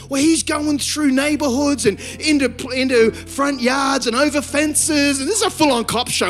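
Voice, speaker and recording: A man, preaching a sermon and telling a lively personal story with many restarts. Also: extremely high pitch, normal speed, hardly any pauses, faint music behind. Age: 50s. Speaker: pastor.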